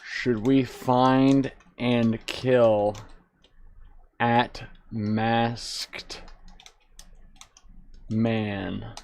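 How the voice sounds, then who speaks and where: Slow-talking sarcastic male streamer. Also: medium pitch, level tone, creaky, darkish tone. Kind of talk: gaming commentary. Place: online VR game.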